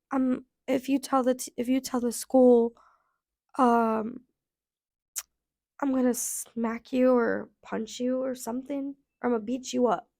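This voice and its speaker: A woman in her thirties telling a casual storytime rant, blunt and profane, her voice going hoarse, with lots of "like" fillers. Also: high-pitched, a little mellow. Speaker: vlogger.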